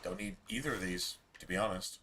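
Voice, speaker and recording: A man's voice: fairly low pitch, big pitch swings, a little fast, creaky, bright, forceful tone, slight background noise. A man streaming a video game, chatting casually in a rambling way, full of restarts and asides. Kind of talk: casual chat while streaming gameplay.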